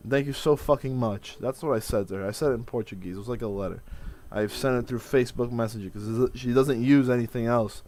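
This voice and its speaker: A man's voice: mid-range voice, quick pace, hardly any pauses, darkish tone, a little hiss or hum. A man in his twenties venting in a rambling, profane vlog with many restarts. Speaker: vlogger.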